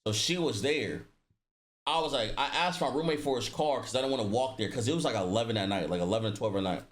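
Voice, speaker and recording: A man's voice: medium pitch, fast talker. A man telling a personal story in casual storytime style, slangy and profane, acting out the dialogue with voice shifts. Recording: roomy echo.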